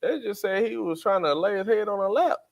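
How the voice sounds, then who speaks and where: A man's voice: high voice, animated, a little fast. A man, co-hosting a faith podcast in casual chat, acting out quotes in character voices. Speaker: podcast co-host.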